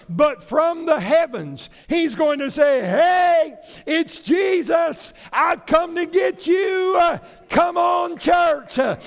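Male pastor, very high pitch, folksy emphatic sermon. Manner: folksy, emphatic preaching with storytelling asides.

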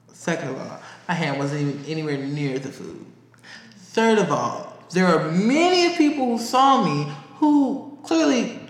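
A man co-hosting a podcast, telling a work story in a casual, profane, animated way. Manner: animated, profane, high-pitched when quoting others. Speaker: podcast co-host. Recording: echoey room.

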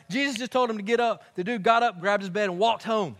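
High-voiced preacher in an echoey hall. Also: male voice, quick pace, hardly any pauses. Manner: animated, conversational preaching with slang. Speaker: pastor. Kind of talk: sermon.

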